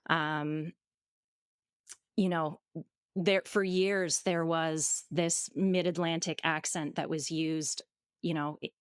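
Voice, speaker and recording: A woman who coaches accents, answering interview questions in a measured, explanatory way with frequent fillers. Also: deep voice, fairly even intonation, clean tone, no room sound, studio quality. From Canada.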